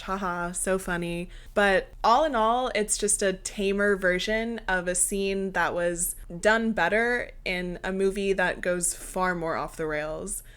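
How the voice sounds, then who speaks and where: A woman's voice: mid-range voice, a bit bright, smooth. A young woman co-hosting a film review podcast, chatting casually, laughing often and dry with sarcasm. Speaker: podcast co-host.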